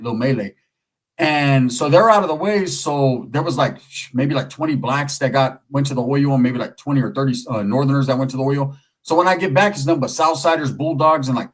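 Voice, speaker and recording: A man's voice: mid-range voice, poor audio. A middle-aged man from California telling prison and neighborhood stories in casual, profane street slang. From Merced area, California. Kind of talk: casual storytelling.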